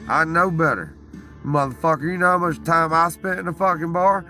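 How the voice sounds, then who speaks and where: A man with a raspy voice telling a rowdy, profane story in casual chat. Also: fairly high pitch, fairly quick, pushed and bright. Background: music playing.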